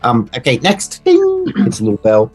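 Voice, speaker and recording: A man narrating as game master of a tabletop game, halting with restarts. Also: sits low, expressive, loud music behind the voice. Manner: halting, many fillers and restarts.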